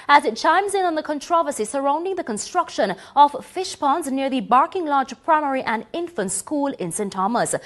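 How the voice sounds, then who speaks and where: A woman's voice: fairly high pitch, fairly bright tone, dry recording. A woman reporting a TV news story in a formal, scripted newsreading manner.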